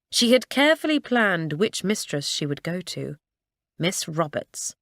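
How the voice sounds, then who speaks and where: A woman narrating a children's school story in a measured, expressive storytelling manner. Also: lowish voice, no echo, clean studio sound. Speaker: audiobook narrator.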